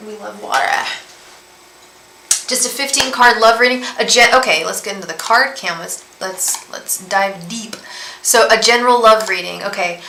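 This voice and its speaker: A woman's voice: medium pitch, bright, forceful tone, roomy sound, slight background noise, rough recording. A woman, a tarot reader on a casual livestream, talking in a rambling way full of fillers and restarts. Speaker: tarot reader and psychic medium.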